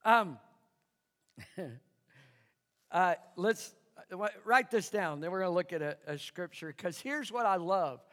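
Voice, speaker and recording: A man's voice: high-pitched, expressive, measured pace, long pauses, fairly bright tone. A man preaching a sermon as pastor, emphatic and calling out for his congregation to answer back. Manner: emphatic, engages congregation with call-and-response. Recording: long hall reverb.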